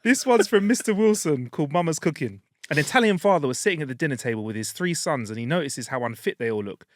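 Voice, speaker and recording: A man reads listener-sent jokes on a comedy podcast, his voice high and swinging widely in pitch. He jumps into little character voices as he goes. The sound is close and dry, with no room around it. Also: fast, dry recording. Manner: lively, animated joke reading with voiced characters. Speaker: podcast co-host. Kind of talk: reading listener jokes aloud.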